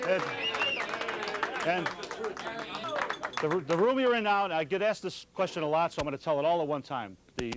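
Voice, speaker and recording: A man's voice: on the high side, background noise. A man, a restaurant owner hosting a party who tells genial anecdotes to his guests. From Chicago. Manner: genial anecdotal storyteller, addresses the crowd. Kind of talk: speech to party guests and interview answers. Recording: loud party crowd behind. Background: crowd of party guests chatting.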